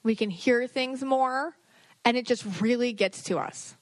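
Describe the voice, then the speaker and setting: A woman's voice: on the high side, unhurried, no room sound. A woman co-hosting a podcast in casual chat who laughs often and acts out the quotes she tells. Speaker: podcast co-host.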